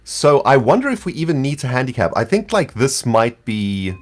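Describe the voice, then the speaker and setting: A man's voice: medium pitch, sing-song, normal speed. A man with a South African accent chatting casually as a guest player, patiently explaining game rules with easy laughs and trailing fillers.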